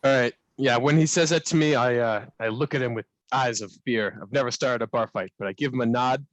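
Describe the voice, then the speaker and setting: A man playing a tabletop game, describing his moves in a halting way. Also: medium pitch, dry recording. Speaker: player. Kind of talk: tabletop role-play chat.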